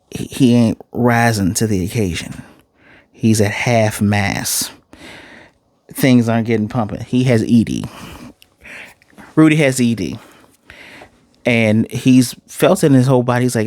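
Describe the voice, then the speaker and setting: A man giving a casual, animated recap as an anime reviewer, acting out quotes and using fillers. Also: medium pitch, vocal fry, dry recording, clean studio sound. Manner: animated, acts out quotes, uses "y'all" and fillers.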